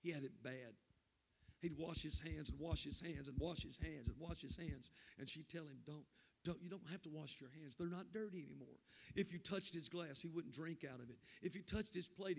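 An older man preaches in a church sanctuary, his voice sitting high with a gravelly rasp. His words ring out into a long hall reverb. He talks with fervent emotion and draws out his phrases. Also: fairly quick. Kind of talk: emotional revival sermon storytelling.

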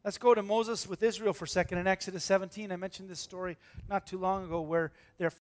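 A man preaching a church sermon, telling stories with lively acted-out voices and moving from loud bursts to hushed tones. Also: sits high, quick pace. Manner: animated storytelling, acting out voices, swinging from loud to hushed. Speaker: pastor.

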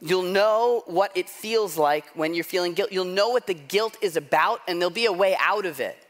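A man's voice: high voice, normal speed, a bit bright. A middle-aged man preaching a sermon, telling a self-deprecating story in a loose conversational way, often asking "right?". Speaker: pastor.

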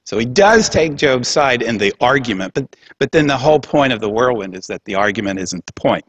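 A man's voice: medium pitch, expressive, fairly quick, breathy edge, no echo, lo-fi sound. A man giving a public lecture in a conversational, humorous way, with laughing asides.

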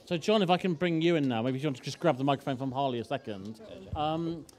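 Brief: man, fairly high voice, hosting panel interview, chatty and a bit fumbling. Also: quick pace, darkish tone.

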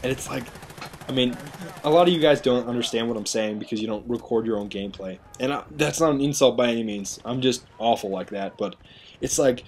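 A man's voice: mid-range voice, a little fast, slight background noise. Rambling man narrating gameplay. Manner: rambling, self-mocking, chatty. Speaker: gaming commentator. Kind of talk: video game commentary voice-over.

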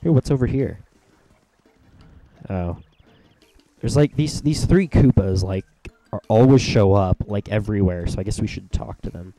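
Rambling young man with a mellow voice. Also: lowish voice, animated, moderate pace. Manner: rambling, reads game text aloud, frequent fillers. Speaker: let's play host. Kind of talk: casual gameplay commentary. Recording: faint game music behind.

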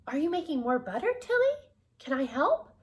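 A woman reading aloud, voicing a timid, fretful old lady in a storybook with a high, pleading voice. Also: very animated, normal speed. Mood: timid alarm.

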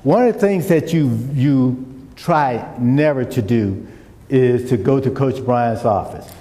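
A middle-aged man telling a personal story to an audience, acting out the dialogue with lively shifts. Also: mid-range voice, takes it slowly. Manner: animated storyteller, acts out dialogue. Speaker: speaker. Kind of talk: storytelling talk. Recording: echoey hall with long reverb.

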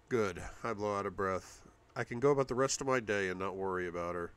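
A man narrating a first-person novel aloud, steady, going low and quiet in intimate passages. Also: fairly quick, smooth. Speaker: audiobook reader.

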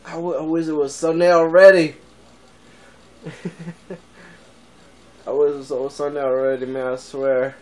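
Rambling young man vlogging, slow talk. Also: fairly high pitch, level tone, darkish tone, rough recording. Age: 20s. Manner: rambling, laughs often, repeats himself. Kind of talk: casual rambling vlog.

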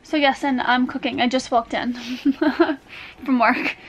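A woman chatting casually to her camera at home, giggly and relaxed. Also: sits high, slow pace, lo-fi sound. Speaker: vlogger.

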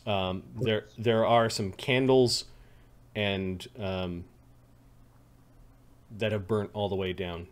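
A man's voice: fairly low pitch, fairly even intonation, slow, pauses often, smooth. A man narrating a tabletop game as game master, describing scenes with frequent ums and restarts.

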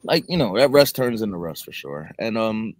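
A man's voice: on the low side, big pitch swings, moderate pace, dry recording. A young man co-hosting a sports podcast, laid-back and thinking aloud as he talks. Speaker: podcast co-host. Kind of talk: casual sports chat.

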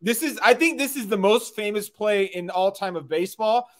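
A man's voice: sits high, moderate pace, fairly bright tone. A male host asking casual interview questions on a live video chat, eager and chuckling, often repeating words as he starts.

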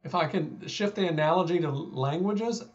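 Man, Texan accent, somewhat high voice, thoughtful, fillers and restarts, slightly dull audio. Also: normal speed. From Texas. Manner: thoughtful, self-deprecating, frequent fillers and restarts. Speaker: guest scholar. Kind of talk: conversational explanation.

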